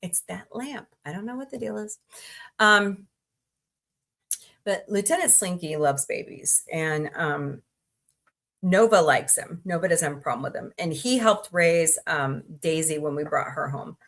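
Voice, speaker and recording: A woman with a low, slightly bright voice hosts a casual livestream. She chats, greets viewers by name, and rambles off into asides.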